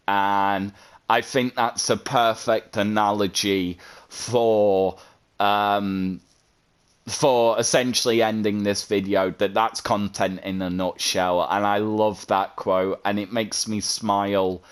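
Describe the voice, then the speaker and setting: A man's voice: fairly low pitch, fairly even intonation, slow, clean tone. A man, a content creator, talking earnestly and at length in a vlog, often repeating himself. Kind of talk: heartfelt vlog monologue.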